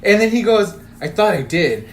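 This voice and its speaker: A man's voice: high voice, big pitch swings, normal speed. A young man, a podcast co-host, casually telling a story with lots of swearing and quoted text messages. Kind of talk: casual chat. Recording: roomy echo, faint room noise.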